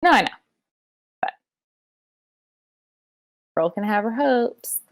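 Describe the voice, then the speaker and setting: A woman's voice: a little high, animated, slow pace. A woman co-hosting a wrestling podcast, recapping matches in casual chat with playful wordplay and frequent swearing. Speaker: podcast co-host.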